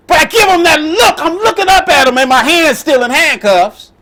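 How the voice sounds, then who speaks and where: A middle-aged man telling a personal story as the host, animated and emphatic. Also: very high-pitched. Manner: animated, emphatic, with laughs and outbursts.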